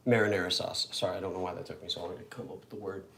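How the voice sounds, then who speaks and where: A man's voice: low-pitched, fairly even intonation, racing, vocal fry. A young man chatting casually while cooking one-handed at home, rambling and poking fun at himself. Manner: rambling, self-deprecating, chatty. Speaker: home cook vlogger. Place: home kitchen. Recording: echoey kitchen with loud background noise.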